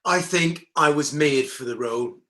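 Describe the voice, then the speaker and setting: A man co-presents with relaxed banter and reads questions out with small hesitations. His voice is bright and a bit high for a man, and it echoes in a roomy space. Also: slight background noise. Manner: jokey, relaxed, a little halting. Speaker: co-presenter reading viewer questions. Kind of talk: casual chat. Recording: roomy echo.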